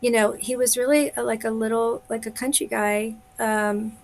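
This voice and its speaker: A woman singer chatting casually on a live video call, telling a story with quick asides and laughs. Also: a little high, fairly even intonation, vocal fry. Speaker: singer, guest. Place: home, live video stream.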